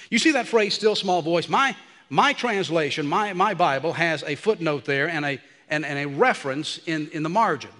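A man preaching a sermon, animated and dropping to a hush for the quiet passages. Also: sits high, in a large hall.

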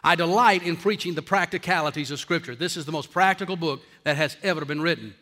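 Bright, high-voiced pastor preaching in a hall. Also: male voice. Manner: emphatic, slowing down hard on key phrases. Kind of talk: sermon. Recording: long reverb of a large hall.

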